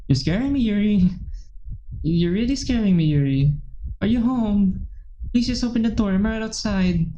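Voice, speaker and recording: A man's voice: sits high, lively intonation, normal speed, mellow, a little hiss or hum, voice pushed up. Guy playing a panicky young dude begging on the phone, raised urgent voice, lo-fi. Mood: frantic. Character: panicked young man, frantic and pleading. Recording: dull lo-fi recording.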